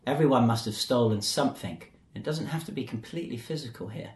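A man's voice: medium pitch, fast talker, a little mellow. A man hosting a casual chat show, with playful, teasing banter. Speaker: podcast host. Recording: echoey room.

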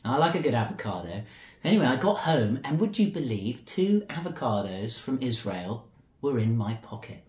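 Lively, playful male podcast host. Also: medium pitch, moderate pace. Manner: playful, teasing banter. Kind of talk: casual chat. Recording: echoey room.

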